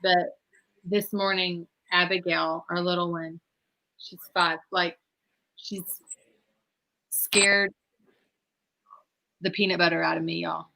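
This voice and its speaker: A woman's voice: on the low side, slow, gravelly, pauses often, slight background noise. A woman, hosting a casual chat and telling stories with lots of laughter. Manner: animated storyteller who laughs often. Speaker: host.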